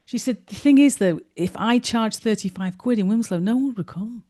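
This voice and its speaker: A woman's voice: medium pitch, normal speed, darkish tone. A woman teaching an online business course, telling chatty stories and acting out the dialogue. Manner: chatty storyteller, acts out dialogue.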